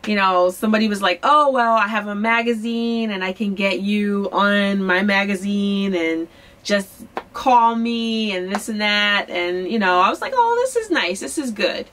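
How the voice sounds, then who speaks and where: A woman's voice: mid-range voice, a little slow, slight background noise. Chatty woman vlogger from Philly. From Philadelphia, USA. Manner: chatty, candid, animated, quotes people in lively voices. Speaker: singer-songwriter vlogger. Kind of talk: casual storytelling to camera.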